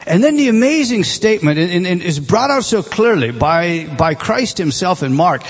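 A man preaching a sermon, emphatic, repeating words and swinging between loud stresses and quiet asides. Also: high voice, very animated, moderate pace, breathy edge.

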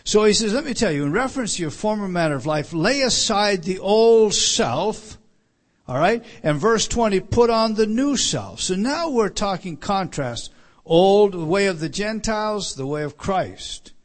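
A man giving an evening Bible teaching. He works through verses and stresses each quoted line, often repeating a word as he starts a sentence. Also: a little high.

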